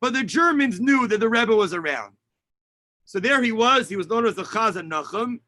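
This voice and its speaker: A rabbi teaches over a video call, his high voice carrying the story along with lively energy. His tone is bright and forward, and the sound is dry and close, with no room around it. He mixes Hebrew and Yiddish terms into his telling. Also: normal speed, dry recording. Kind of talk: teaching a lesson with a retold story.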